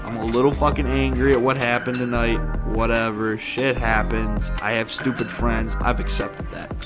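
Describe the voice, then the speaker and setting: A man's voice: mid-range voice, level tone, moderate pace, music in the background. A young man telling a rambling, profane story on a casual podcast, sounding exasperated. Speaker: podcast host.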